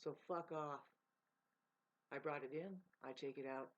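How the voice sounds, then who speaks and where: A woman's voice: sits low, fairly even intonation, measured pace. A woman vlogging in a rambling, profane casual monologue, laughing mid-sentence. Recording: dull lo-fi sound.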